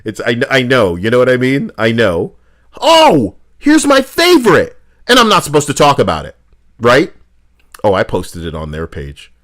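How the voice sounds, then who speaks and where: Male streamer, profane sarcastic rant, very lively intonation. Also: medium pitch, moderate pace. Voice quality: animated, swings between mock voices and mutters. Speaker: streamer reacting to posts. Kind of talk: profane ranting commentary.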